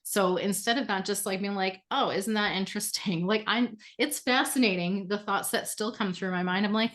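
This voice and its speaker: A woman's voice: medium pitch, steady tone, moderate pace, a bit bright. A woman speaking as an interview guest in a candid, casual conversation, frank and often laughing, with the odd swear word.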